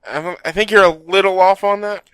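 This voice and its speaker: Bright, smooth-voiced teasing man. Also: sits high, steady tone, brisk, no room sound. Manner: teasing, jokey. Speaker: podcast co-host. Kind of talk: casual podcast chat. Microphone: studio microphone.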